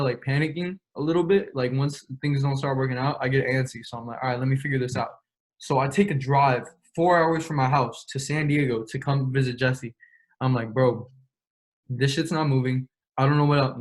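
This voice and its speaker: A young adult man, guesting in an interview, tells stories in loose, slangy talk at a quick clip. He swears freely and acts out both sides of conversations with quoted dialogue, his voice at an ordinary middle pitch.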